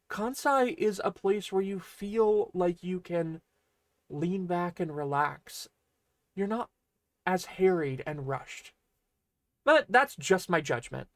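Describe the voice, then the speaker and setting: A man teaching an online language lesson in a casual, chatty way. His voice sits a bit high, and it springs up on the example words he highlights. The recording is dry and close, with no room echo. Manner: chatty, explanatory, with lively pitch jumps on example words.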